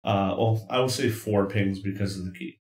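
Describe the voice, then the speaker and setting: A man running a tabletop game as game master, explaining rulings in a relaxed way with pauses. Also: fairly low pitch, echoey room, poor audio.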